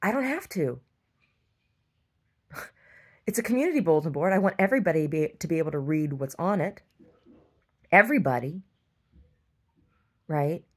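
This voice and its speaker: A woman's voice: low-pitched, animated, brisk, long pauses. A middle-aged woman who owns a store, telling a long rambling story and getting exasperated, with many restarts. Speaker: store owner. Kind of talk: casual storytelling monologue.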